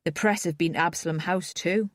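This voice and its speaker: A woman voicing a blunt, gruff man who talks plainly and swears. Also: lowish voice, brisk, no room sound, studio quality, natural voice. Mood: grumbling.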